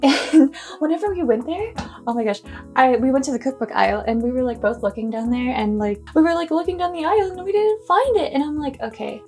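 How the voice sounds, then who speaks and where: A young woman chatting excitedly in a casual cooking vlog, gushing and squealing with delight. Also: fairly high pitch, creaky. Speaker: cooking vlogger.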